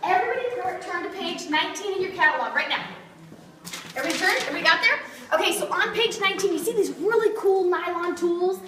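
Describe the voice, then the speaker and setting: With a very high-pitched voice, quick pace and lively intonation, a woman leads a kitchenware sales demo for a group gathered in a meeting room. She's bubbly and laughs often, asking the audience questions as she goes. The audio is noisy, distant and echoey.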